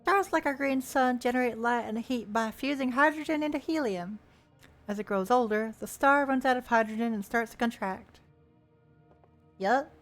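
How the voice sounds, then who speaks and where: A playful woman streamer talks over a game, reading its text aloud and tossing in jokes between lines. Her voice sits a little high. Soft game music plays faintly behind her. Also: moderate pace. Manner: playful, chatty, reads text aloud with asides.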